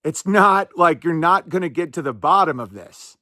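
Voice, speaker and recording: A male podcast host talking in a somewhat high voice, rambling through sarcastic commentary full of quick asides. The sound is dry and close, with no room echo. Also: animated, sharp tone. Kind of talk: casual commentary.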